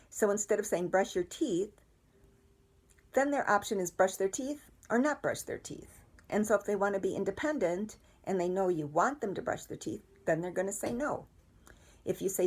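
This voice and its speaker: A middle-aged woman, calmly and patiently explaining parenting ideas with everyday examples. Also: mid-range voice, breathy edge. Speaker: parenting educator. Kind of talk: instructional talk to parents.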